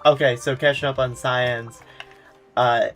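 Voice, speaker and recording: A man's voice: medium pitch, unhurried, soft background music. A man hosting a casual game stream, chatting in a wry, easygoing way and reading viewers' messages aloud. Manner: relaxed, wry, reads chat aloud. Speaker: streamer host. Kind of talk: casual gaming chat.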